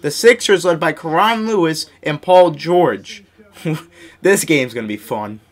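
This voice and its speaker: A young man giving excitable live commentary on his own basketball video game, scolding his teammates and mocking himself. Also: a little high, a little slow. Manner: excitable, yells and laughs at big plays. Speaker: gaming YouTuber.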